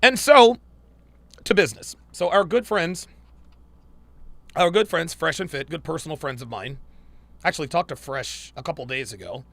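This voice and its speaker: A man's voice: on the high side, expressive, moderate pace, pauses often, pushed and bright, no echo. A man hosting a podcast, reacting to clips in blunt, profane casual commentary with lots of emphatic repetition.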